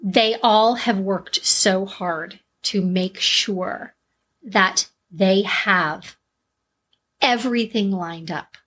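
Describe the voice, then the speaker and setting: A woman co-hosting a true-crime podcast, with a husky, mid-pitched voice. She talks bluntly and swears freely. Her delivery is loose and conversational. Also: very slow, fairly bright tone. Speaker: podcast co-host. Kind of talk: casual true-crime chat.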